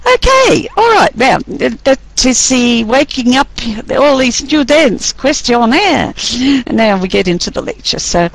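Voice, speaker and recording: Slow, gravelly-voiced woman lecturer. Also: fairly high pitch, very animated, no echo, rough recording. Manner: chatty, teasing, laughs often. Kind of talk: lecture with class quiz.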